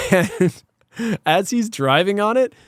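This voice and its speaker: A man's voice: sits high, lively intonation, slow pace, smooth, no echo, studio quality. A man co-hosting a podcast, retelling a cartoon episode in casual chat, acting out lines and sound effects and swearing freely. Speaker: podcast co-host.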